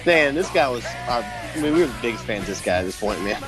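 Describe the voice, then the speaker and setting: A man's voice: medium pitch, very animated, quick pace, music in the background. A man co-hosting a podcast in a laid-back, agreeable way, laughing along in casual chat. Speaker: podcast co-host.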